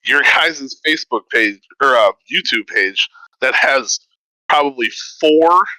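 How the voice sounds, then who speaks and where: A man's voice: mid-range voice, unhurried, no echo, poor audio. A man hosting a podcast, telling a story in casual chat and acting out the voices in it. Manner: animated, acts out quoted voices. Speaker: podcast host.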